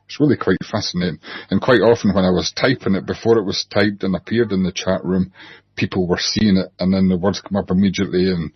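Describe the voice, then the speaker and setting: A man, a therapist guest on an online panel, talking in an unhurried, reflective way. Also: low-pitched, husky, no room sound. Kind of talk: casual panel chat. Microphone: video call. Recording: dull online call audio.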